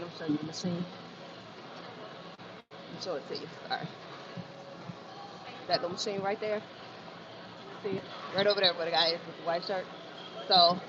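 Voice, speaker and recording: A woman chatting casually on a livestream from an indoor gym, talking to viewers and repeating phrases for emphasis. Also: mid-range voice. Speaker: fitness livestreamer. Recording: muffled, noisy gym sound. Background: gym ambience.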